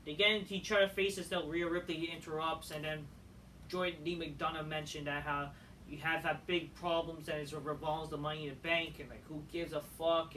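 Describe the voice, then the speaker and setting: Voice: medium pitch, steady tone, normal speed, bright, forceful tone. Scornful foul-mouthed ranting recap voice. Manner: crude, scornful, ranting, swears constantly. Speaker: wrestling show reviewer. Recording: distant mic with faint noise.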